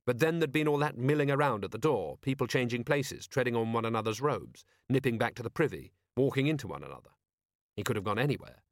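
A man narrating an audiobook in a measured storytelling way. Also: medium pitch, expressive, no echo, studio quality. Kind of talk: scripted narration.

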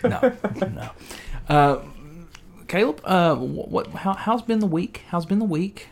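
Man, podcast host, casual chat, playful teasing, animated pitch. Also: measured pace, vocal fry.

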